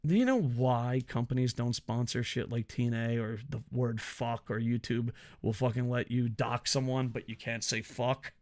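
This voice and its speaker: A man's voice: medium pitch, normal speed, few pauses, darkish tone. A man giving casual, profane, sarcastic commentary on wrestling news.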